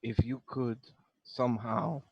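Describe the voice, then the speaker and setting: A man as solemn praying warrior, slow halting speech, dry close sound. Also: medium pitch, fairly even intonation, slightly rough, no echo, muffled recording. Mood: reverent. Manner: slow, halting, reverent prayer. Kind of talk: tabletop role-play in character.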